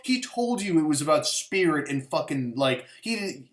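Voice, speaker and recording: A man's voice: a little high, sing-song, normal speed, hardly any pauses, fairly bright tone. Rambling, sarcastic male movie reviewer. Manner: rambling and sarcastic, heavy on "like" and swearing. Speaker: host of a movie review show. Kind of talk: casual profane movie review. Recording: roomy echo.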